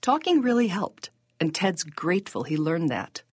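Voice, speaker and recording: Low, husky woman narrating a podcast. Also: big pitch swings, no room sound, clean studio sound. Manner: measured, storytelling delivery.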